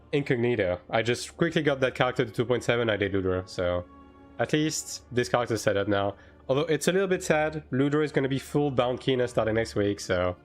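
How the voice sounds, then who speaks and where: A chatty male streamer talks loosely to his chat at a mid pitch, full of fillers and sudden quick bursts. Soft music runs faintly behind him. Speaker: game streamer. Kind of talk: casual live-stream chat, answering chat.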